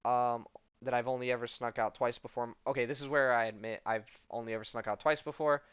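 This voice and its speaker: A man's voice: medium pitch, steady tone, brisk, clean tone, no echo, lo-fi sound, natural voice. A man retelling as an eager, anxious teen girl. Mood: earnest.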